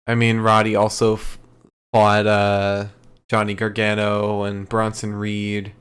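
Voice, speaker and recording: A man co-hosting a podcast, calmly talking through wrestling storylines in casual chat. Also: lowish voice, slow, clean tone. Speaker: podcast co-host.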